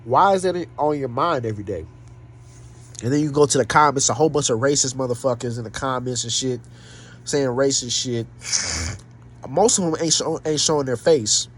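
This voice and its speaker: Vlogger, man, mid-pitched, slightly stuffy nose, swears freely and hits his points hard. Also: normal speed, breathy edge. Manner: profane, blunt, emphatic. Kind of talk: casual rant to camera.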